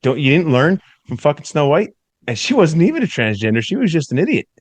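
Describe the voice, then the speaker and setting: A man's voice: fairly high pitch, wildly swooping pitch, quick pace, no echo. A man co-hosting a podcast, ranting bluntly and profanely in casual crude banter. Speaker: podcast co-host.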